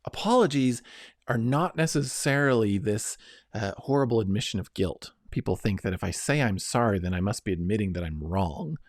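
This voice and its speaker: A middle-aged man teaches a self-help method in an earnest, coaching way, pausing to check in with his listeners. His voice sits on the low side and sounds dry and close, with no room around it. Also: expressive, no echo. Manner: earnest, coaching, repeats "right?" and "okay?". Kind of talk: instructional self-help talk.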